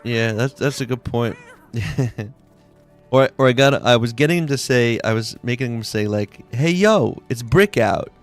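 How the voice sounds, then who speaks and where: A man's voice: mid-range voice, fairly even intonation, normal speed, clear, resonant tone, soft background music. A man live-streaming a game, chatting casually in a rambling, slangy way full of "like"s. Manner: laid-back, rambling, slangy with many "like"s. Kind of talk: casual live-stream chat while playing.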